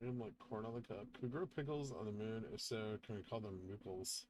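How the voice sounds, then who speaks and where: A man's voice: lowish voice, fairly quick, darkish tone, a little hiss or hum. A man hosting a casual livestream, reading viewer questions aloud and answering them, saying he is getting tired. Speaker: livestream host reading chat.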